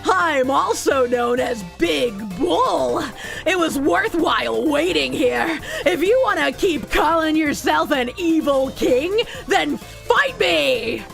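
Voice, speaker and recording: A woman voicing a loud, boastful male wrestler who brags and bellows as he makes his entrance in a game. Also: high voice, animated, slow, vocal fry, soft background music, exaggerated voice. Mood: boastful shouting. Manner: bellowing, bragging.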